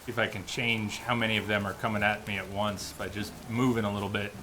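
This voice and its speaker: A man streaming a game, thinking aloud in casual commentary with sudden loud outbursts. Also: fairly low pitch, flat delivery, fast, noisy background. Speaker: gameplay streamer.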